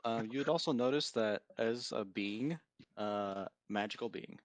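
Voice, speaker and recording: A man with a lowish voice plays a tabletop game, working through details methodically and correcting himself. The recording is dry and close. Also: unhurried, no room sound. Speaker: player. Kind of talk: casual tabletop chat.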